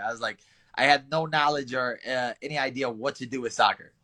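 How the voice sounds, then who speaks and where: A young man in a relaxed interview, talking through his training and stories with easy laughs. His voice sits at an ordinary middle pitch. He slips into quick impressions of people as he tells it. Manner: relaxed, laughs often, storytelling with acted quotes. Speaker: interviewed fighter. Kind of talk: casual interview answers.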